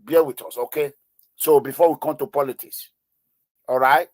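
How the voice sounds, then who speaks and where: A man delivers heated online news commentary in an impassioned, pleading voice. He fills his speech with hesitations and repeats himself for emphasis. His fairly high voice is recorded close and dry. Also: steady tone, moderate pace, darkish tone, no room sound. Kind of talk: emotional video commentary.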